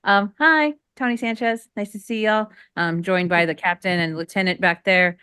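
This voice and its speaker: A woman's voice: mid-range voice, steady tone, moderate pace, bright, forceful tone, smooth, no room sound, clean studio sound. A woman joining a panel over a video call, chatty and bubbly, with many fillers. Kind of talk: casual chat on a video call.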